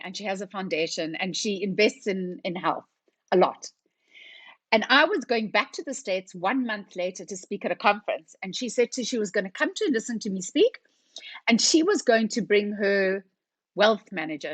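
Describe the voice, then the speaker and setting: A middle-aged woman, telling her story as a guest on a podcast. She is a lively storyteller who acts out the conversations. Her voice sits at an ordinary pitch and sounds dry and close, with almost no room echo. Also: breathy edge. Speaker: company founder, podcast guest. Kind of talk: casual storytelling interview.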